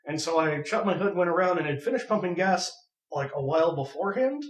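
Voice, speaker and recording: A young man casually telling a funny story on a podcast, animated and laughing as he goes. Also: fairly high pitch, fast. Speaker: podcast co-host. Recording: echoey room, far from mic.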